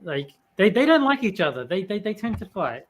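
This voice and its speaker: A man's voice: high-pitched, sing-song, fairly quick. A man hosting a casual podcast chat, telling rambling anecdotes full of ums and restarts.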